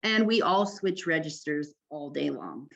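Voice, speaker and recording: A woman's voice: deep voice, expressive, measured pace, creaky. A woman from California giving an informal, conversational workshop talk on language, often checking in with "right?". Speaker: peer educator workshop presenter.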